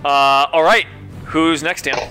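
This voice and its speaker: A man's voice: on the high side, fairly even intonation, takes it slowly, music in the background. A man running a tabletop game as game master, easygoing as he narrates and calls for rolls.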